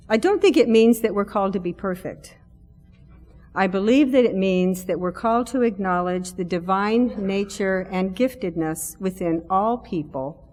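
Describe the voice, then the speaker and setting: A middle-aged woman preaches from the pulpit in an easy, conversational way, joking at her own expense. Her voice sits at a middle pitch. The church's long reverb trails behind each phrase. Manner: warm self-deprecating humor, conversational. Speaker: lay preacher. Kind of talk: sermon. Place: church sanctuary.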